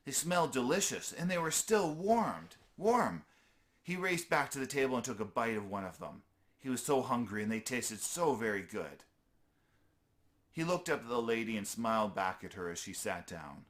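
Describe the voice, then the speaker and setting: A man's voice: on the low side, lively intonation, normal speed, a bit bright. A man reading a children's story aloud in an easygoing way, with small slips he corrects as he goes.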